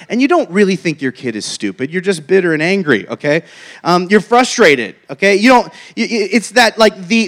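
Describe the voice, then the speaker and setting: A man with a notably high voice preaches in a loose, chatty manner. He tells his story with jokes and asides, keeping the sermon conversational. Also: a bit bright.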